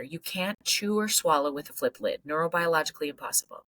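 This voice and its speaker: A middle-aged woman psychologist from Canada, talking energetically on a podcast and breaking into loud acted outbursts. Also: low voice, quick pace, hardly any pauses, dry recording, low-quality recording. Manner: animated storyteller, swings into loud acted outbursts. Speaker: psychologist guest.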